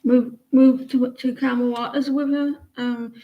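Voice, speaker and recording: Woman, tarot reader, casual live reading, hesitant, lots of fillers and restarts, slightly high voice, dull lo-fi sound. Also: flat delivery, a little slow.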